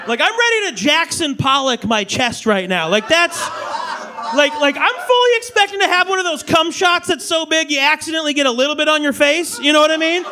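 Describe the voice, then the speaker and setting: A man performing a stand-up comedy set on a club stage, telling crude stories in a loud, animated way. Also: extremely high pitch, a little fast, a crowd in the background. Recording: live club audience laughter.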